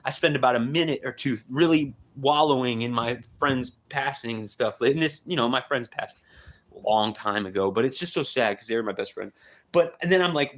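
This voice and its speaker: Guy rambling on a live stream, says right and dude a lot, gets loud and excited. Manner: rambling, repeats "right?" and "dude", many restarts; grows loud and high-pitched when excited. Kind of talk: spontaneous live-stream storytelling.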